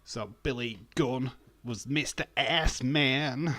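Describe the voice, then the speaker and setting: A man from England with a lowish, fairly bright voice hosts a live stream, speaking at a measured pace in a dry recording. He chats casually with viewers, chuckling and teasing them as he reads their comments aloud and muses to himself.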